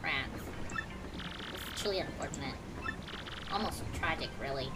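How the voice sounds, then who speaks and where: A woman's voice: low-pitched, a little slow, far from the mic, loud music behind the voice. A woman voicing a self-pitying bro-dude chef who moans melodramatically. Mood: mopey. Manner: melodramatic, mopey.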